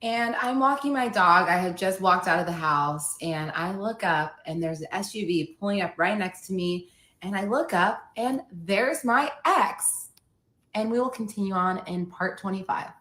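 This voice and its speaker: A woman's voice: mid-range voice, moderate pace, fairly bright tone, roomy sound. A woman podcast host candidly retelling a personal story and acting out the quoted dialogue.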